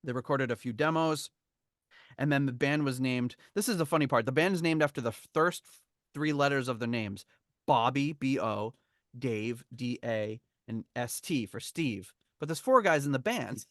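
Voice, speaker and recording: Hosting a podcast, a man reads from a memoir and tells the story casually with rambling and chuckles. His animated, mid-range voice keeps a moderate pace. It is recorded in studio quality with no room sound.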